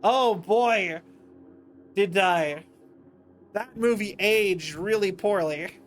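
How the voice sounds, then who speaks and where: A man's voice: high-pitched, very slow. A tired man streaming late at night, rambling and interrupting himself in casual livestream commentary. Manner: rambling, self-interrupting, chatty. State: tired, yawning.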